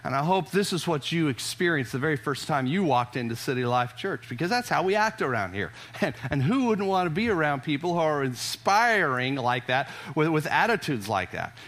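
A male pastor preaching a sermon to a live congregation, his voice high and bright. He talks in an emphatic, conversational way and often restarts his phrases as he builds a point. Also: sing-song, normal speed. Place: church service before a congregation.

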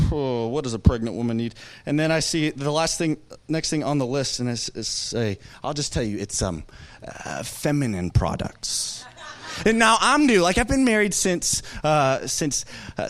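A young man with a Texan accent preaches from the pulpit in a fairly high voice. He tells his story with lots of energy and slips into the voices of the people he quotes. He laughs at himself now and then as he talks. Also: a bit bright. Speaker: pastor. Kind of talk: storytelling sermon.

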